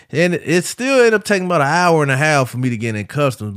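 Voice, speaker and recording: Profane, animated male podcast host. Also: on the high side, quick pace, hardly any pauses, dry recording, studio quality. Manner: profane, animated, quotes people in his story. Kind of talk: casual storytelling.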